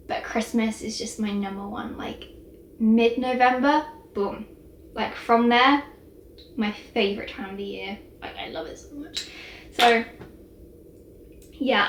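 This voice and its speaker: A woman's voice: fairly high pitch, slight background noise. A young woman, chatting casually and gushingly in a vlog, full of "like" and little laughs. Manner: bubbly, gushing, lots of "like". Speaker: vlogger.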